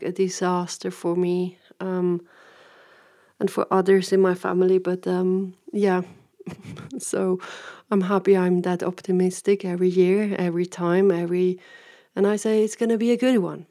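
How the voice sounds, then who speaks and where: Woman, warm relaxed timbre, chatty storyteller who rambles and laughs. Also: lowish voice, normal speed. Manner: rambling, laughs often, acts out quoted voices. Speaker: vlogger and coach. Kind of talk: casual personal storytelling.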